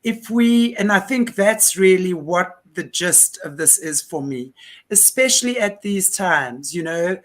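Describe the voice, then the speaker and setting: A woman hosting a live-stream conversation, telling a story in an earnest, animated way. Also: mid-range voice. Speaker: host.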